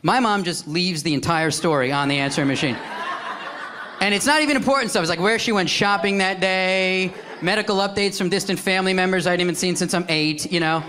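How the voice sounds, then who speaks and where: A man's voice: sits high, bright, forceful tone, a little hiss or hum. A man doing chatty storytelling stand-up comedy on a club stage.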